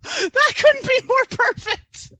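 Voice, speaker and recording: Slow, bright-voiced exclaiming listener. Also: very high voice, no room sound. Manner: exclaiming, swearing, laughing. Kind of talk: casual chat reacting.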